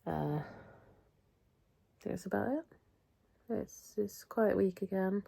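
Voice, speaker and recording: A woman's voice: mid-range voice, measured pace, creaky, warm tone, slightly rough. A middle-aged British woman talking through a casual weekly health update vlog, rambling and chatty, often interrupting herself. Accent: British English. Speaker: vlogger.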